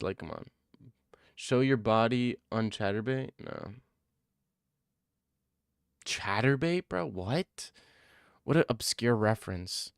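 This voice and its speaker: A man's voice: lowish voice, smooth, no echo, studio quality. A young man streaming, chatting casually, joking, laughing and swearing freely.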